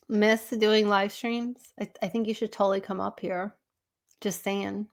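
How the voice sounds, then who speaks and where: A woman's voice: mid-range voice, flat delivery, a little slow. A woman hosting a casual live stream, rambling, laughing often and chatting with her viewers.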